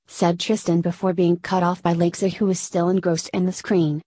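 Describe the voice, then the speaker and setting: A woman reading a novel aloud as narrator, in a steady, measured way. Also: on the low side, dry recording. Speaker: audiobook narrator. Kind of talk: scripted narration.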